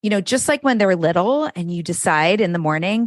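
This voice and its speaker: A woman's voice: lowish voice, animated, brisk, dry recording, studio quality. A middle-aged woman, a parenting coach, talking candidly and frankly as a podcast guest, swearing freely. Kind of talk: casual conversation.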